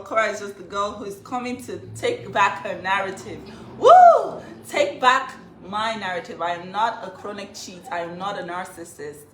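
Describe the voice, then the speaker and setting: Defiant, halting woman in an echoey room. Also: mid-range voice, pushed and bright, slight background noise. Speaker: vlogger telling her own story. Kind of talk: emotional vlog talk.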